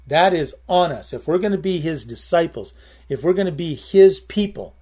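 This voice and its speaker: A man's voice: fairly high pitch, lively intonation, moderate pace, a little mellow, slightly rough. A man preaching a sermon in a conversational way, repeating key phrases and breaking into short prayers. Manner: conversational, with prayers and emphatic repetition.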